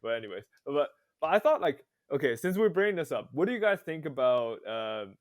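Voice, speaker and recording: Playful man with a lively voice. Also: on the high side, a little fast. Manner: playful, teasing, casual slang like "bro". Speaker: podcast co-host. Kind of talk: casual movie review chat.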